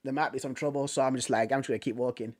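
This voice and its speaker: A young British man from Manchester, a vlogger telling a story in a casual, animated way, repeating himself and using slang. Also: medium pitch, racing. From Manchester, England. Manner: animated, repetitive, slangy retelling.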